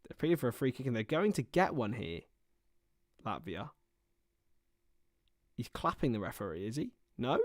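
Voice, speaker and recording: A man's voice: medium pitch, big pitch swings, moderate pace, long pauses, no echo, studio quality. A man commentating live on a football match for a livestream, mixing play-by-play with chatty, self-mocking asides.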